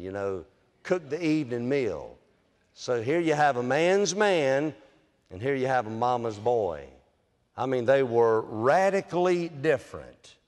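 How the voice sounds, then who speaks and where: A man's voice: medium pitch, darkish tone. A man, preaching a sermon as a pastor in a folksy storytelling manner and speaking directly to his listeners as "friend.". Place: church sanctuary. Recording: long church hall reverb.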